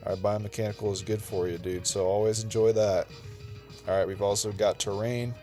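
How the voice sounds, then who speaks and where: A man's voice: on the low side, fairly even intonation, fairly quick, mellow, faint music behind. Laid-back man rambling over game footage. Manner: laid-back, rambling, says "dude" and "okay" often. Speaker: retro gaming channel host. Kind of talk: casual gameplay commentary.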